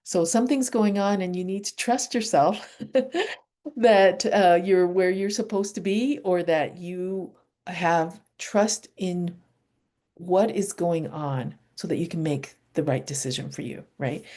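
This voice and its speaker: A woman leading a guided energy healing session over a video call, speaking slow affirmations softly and asking questions aloud as she works through a chart. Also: on the low side. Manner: calm, slow affirmations with soft whispered repeats; asks herself questions aloud while dowsing a chart.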